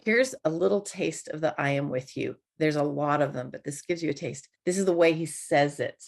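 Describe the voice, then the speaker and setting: A woman preaching a conversational sermon, chatty and quick to laugh. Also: deep voice, creaky. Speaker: church speaker.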